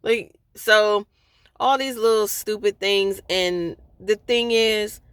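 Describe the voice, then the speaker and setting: A woman venting candidly to her viewers from a parked car, hesitant, with many pauses and restarts. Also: medium pitch, fairly bright tone, smooth, dry recording. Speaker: vlogger.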